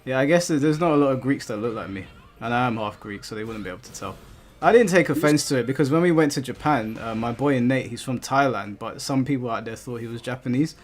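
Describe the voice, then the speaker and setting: A man's voice: medium pitch, quick pace. A man from England hosting a gaming stream, telling stories in a rambling way with frequent restarts. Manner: rambling storytelling with many restarts. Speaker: streamer host. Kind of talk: casual chat on a gaming stream.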